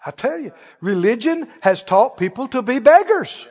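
High-pitched animated preacher man. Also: moderate pace. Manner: animated, asks the congregation questions and acts out scenes. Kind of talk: sermon. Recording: reverberant church hall, dull lo-fi sound.

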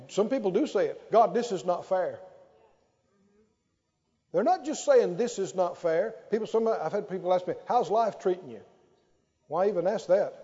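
A man preaching with a high, swooping voice that ranges widely as he drives each point home. His tone is mellow and warm rather than bright, and he draws out his words slowly. The sound is muffled and lo-fi, ringing with the long echo of a large hall. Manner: emphatic, drawn-out phrases with call-and-response. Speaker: pastor. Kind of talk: sermon.

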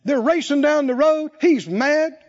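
A man's voice: very high-pitched, measured pace, dull audio. A man preaching a sermon, telling stories dramatically and acting out the voices of the people in them. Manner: dramatic storytelling, acting out voices, shouting peaks.

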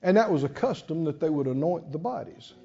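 A man preaches in a high, sweeping voice that rises and falls dramatically and calls on the congregation to answer him. His words ring with a long church reverb. The sound is dull and muffled. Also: expressive, fairly quick, gravelly, dark tone, breathy edge. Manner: dramatic, call-and-response preaching. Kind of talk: sermon.

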